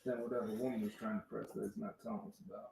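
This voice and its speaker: A man making dry, low-key remarks in the background. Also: little pitch movement, racing, vocal fry. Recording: distant, roomy, noisy off-mic pickup.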